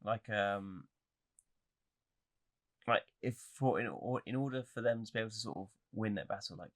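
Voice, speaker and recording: Man, lowish voice, podcast co-host, relaxed, hesitant, lots of fillers. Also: normal speed. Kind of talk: casual chat about anime.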